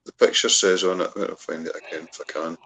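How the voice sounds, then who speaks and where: A man's voice: low-pitched, steady tone, a little fast, a bit bright. A man chatting as a guest on a live stream call, explaining things step by step and swearing now and then. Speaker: chat guest. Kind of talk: casual chat.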